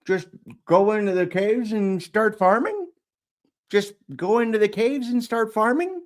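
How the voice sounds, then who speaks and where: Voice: mid-range voice, unhurried, pitched above the performer's own voice, natural voice. A narrator voicing an eager young woman rune witch, perky and upbeat.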